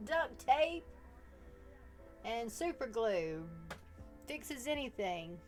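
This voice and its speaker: A woman's voice: fairly high pitch, big pitch swings, drawn-out words, faint music behind. A woman casually chatting with her viewers on a live stream, teasing them playfully and laughing often.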